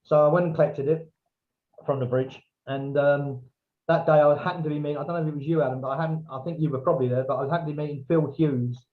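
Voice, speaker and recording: Storytelling man, slightly high voice. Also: fast. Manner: animated, quotes others in lively raised voices. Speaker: podcast guest, author. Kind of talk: casual anecdote storytelling. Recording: dull, lo-fi remote audio.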